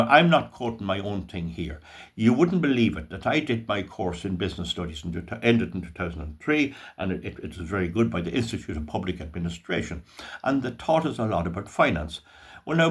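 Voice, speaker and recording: A man's voice: on the low side, sing-song, a little fast. An older Irish man hosting his own channel, talking in a folksy, rambling monologue with restarts and asides. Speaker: channel host. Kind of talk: casual monologue.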